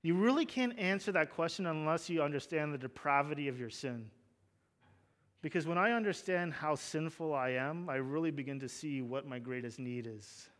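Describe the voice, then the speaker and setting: A man's voice: fairly high pitch, a bit bright. A young adult man preaching a sermon, conversational, with joking asides and fervent emphasis on key points. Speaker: pastor.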